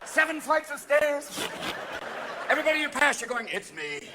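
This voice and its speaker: A manic male stand-up comic in his fifties, his voice pitched very high as he jumps from one character voice to the next and erupts into sudden shouts. It is a live theater recording, with a steady wash of audience noise underneath. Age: 50s. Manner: manic, rapid switching between voices and characters; frequent shouting bursts. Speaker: stand-up comedian. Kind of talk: stand-up comedy set. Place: theater stage before a laughing audience.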